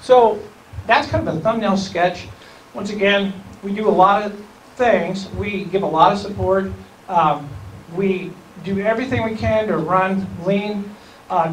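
Man with a high voice, rambling and self-correcting, meeting-room echo, mic far off. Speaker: county school superintendent, guest speaker. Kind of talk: informal talk to a civic group. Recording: echoey room, distant mic, faint hiss.

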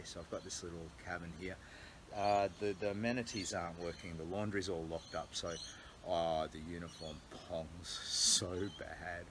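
An Australian man with a very low voice chats on a phone livestream, candid and earnest as he rambles from thought to thought. He is recorded in a small cabin through earbuds or the phone's own mic. A faint ambient hiss sits behind him. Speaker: charity walker livestreaming. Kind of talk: casual livestream vlog. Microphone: earbud mic, then phone mic.

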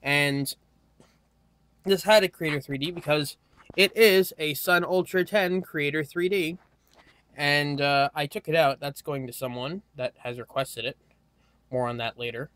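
A tired young man giving a casual, rambling hardware walkthrough, halting often with fillers as he moves around the camera mic. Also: a little high, fairly bright tone, no room sound. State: tired, yawning. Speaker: tech hobbyist vlogger.

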